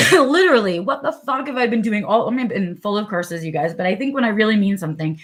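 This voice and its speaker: A woman's voice: medium pitch, expressive, fast. Candid, swearing New York woman vlogging. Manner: candid and profane, with frequent fillers and acted inner monologue. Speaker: vlog host. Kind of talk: unscripted live vlog talk.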